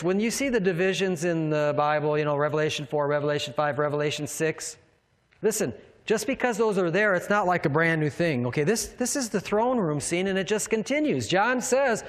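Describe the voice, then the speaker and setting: Male pastor, high voice, emphatic sermon delivery, quizzes the congregation, hall reverb. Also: fairly bright tone. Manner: emphatic, asks the congregation questions.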